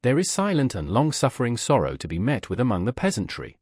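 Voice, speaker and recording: Expressive male audiobook narrator. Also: mid-range voice, husky, no echo, clean studio sound. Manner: measured, expressive storytelling. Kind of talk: scripted narration of a classic novel.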